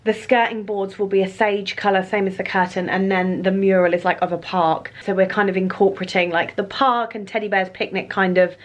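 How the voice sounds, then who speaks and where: A British woman in her thirties chatting casually to camera in a rambling, self-deprecating vlog. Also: mid-range voice. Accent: British English. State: pregnant. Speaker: vlogger.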